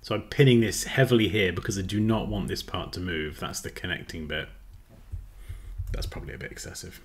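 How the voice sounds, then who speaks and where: A man's voice: deep voice, fairly quick, a little hiss or hum. A man chatting casually through a live design tutorial, self-mocking and easily distracted.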